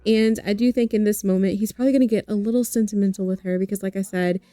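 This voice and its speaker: A young adult woman narrates her game in a chatty way and speaks straight to her viewers. Her voice is very mellow and dark in tone. It is recorded close and dry, with faint music underneath. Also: medium pitch, steady tone, fast, dry recording. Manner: chatty, addresses viewers directly, laughs easily. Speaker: game streamer. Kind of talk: narrating a life-simulation game.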